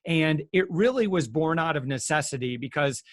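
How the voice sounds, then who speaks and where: A man talking as a guest consumer expert, animated and chatty with frequent fillers. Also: a little high, normal speed, no room sound, clean studio sound. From United States. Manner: animated, many fillers, acts out quotes. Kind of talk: casual explanatory talk.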